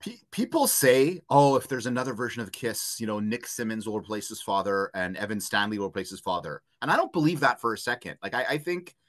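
Low-voiced easygoing male panelist. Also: big pitch swings, a little fast, few pauses, a bit bright. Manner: easygoing, many fillers. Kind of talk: casual chat.

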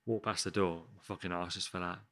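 A man's voice: deep voice, steady tone, a little fast, fairly bright tone, no echo. A man, a chef telling a story in casual chat, rambling and swearing often. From West Midlands, England. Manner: rambling, frequent swearing and restarts. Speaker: chef, podcast guest. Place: podcast studio.

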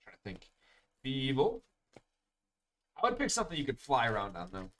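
A man's voice: mid-range voice, wildly swooping pitch, moderate pace, a bit bright. A young man hosting a live card break, chatting casually and calling out each card as he opens packs. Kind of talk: live-streamed pack opening chat.

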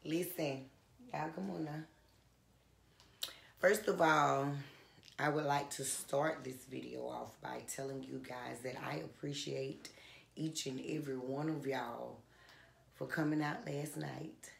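A woman singer chatting casually to her fans in an effusive, soft-spoken way, often calling out to them directly. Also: extremely low pitch, steady tone, slow pace, creaky, pauses often. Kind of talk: casual vlog chat. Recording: roomy echo with faint guitar behind.

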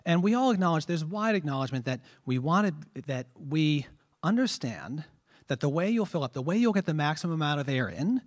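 Rhetorical trombone teacher giving a masterclass. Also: male voice, fairly high pitch. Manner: explanatory, asks rhetorical questions, demonstrates sounds. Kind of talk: masterclass lecture.

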